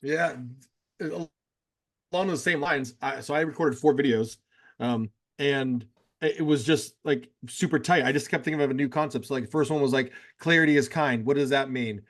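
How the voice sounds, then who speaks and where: A man's voice: fairly high pitch, moderate pace. A man sharing his experience in an online workshop, casual and rambling, with lots of "like" fillers, over a video call. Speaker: workshop participant. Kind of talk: casual chat.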